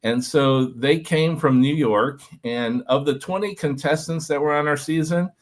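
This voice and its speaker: A former reality show contestant, a man, telling an animated story to a group, talking with lots of fillers and "like". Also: on the high side, unhurried. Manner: energetic, filler-heavy, lots of "like".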